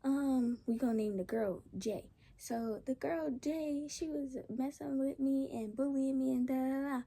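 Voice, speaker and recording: A woman's voice: high voice, unhurried, creaky. A young woman casually telling a storytime, rambling along with slang and lots of restarts. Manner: rambling, animated retelling with slang.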